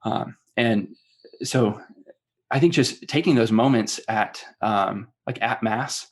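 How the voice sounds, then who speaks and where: A man's voice: fairly low pitch, slow pace. A man in his thirties, a father and podcast guest, speaking earnestly and hesitantly with many fillers. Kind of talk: casual podcast conversation.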